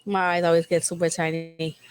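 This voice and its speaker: A woman's voice: lowish voice, flat delivery, brisk, smooth, dry recording. A young woman with a Puerto Rican accent chatting casually with her sister, giggly and blunt, swearing freely. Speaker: co-host. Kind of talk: casual chat between sisters.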